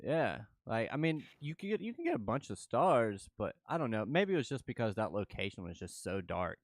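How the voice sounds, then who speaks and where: A man on a casual call, telling a relaxed story and laughing easily. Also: mid-range voice, brisk, dry recording, studio quality. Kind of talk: casual chat. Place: home, with kids in the house.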